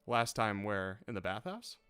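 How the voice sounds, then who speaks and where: A man running a tabletop game as game master, narrating in an unhurried way with many filler pauses. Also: lowish voice, big pitch swings, pushed and bright, clear, resonant tone.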